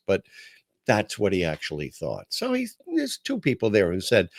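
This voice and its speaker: An older man hosts his talk podcast with lively, swooping pitch. He tells stories with self-deprecating humor. The sound is close and dry, with no room around it. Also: normal speed, dry recording. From New York. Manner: storytelling, animated and self-deprecating. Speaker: podcast host. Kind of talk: casual chat.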